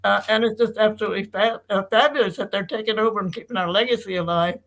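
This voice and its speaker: A woman's voice: medium pitch, fast talker, low-quality recording. Chatty elderly woman. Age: older. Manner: chatty, warm storyteller, rambling with restarts. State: uses hearing aids. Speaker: guest. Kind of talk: casual chat.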